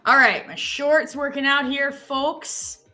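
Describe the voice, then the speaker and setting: A woman's voice: high-pitched, slow, sharp tone, soft background music. A woman co-hosting a live trading stream, chatting casually and thinking aloud as she trades, often correcting herself mid-sentence.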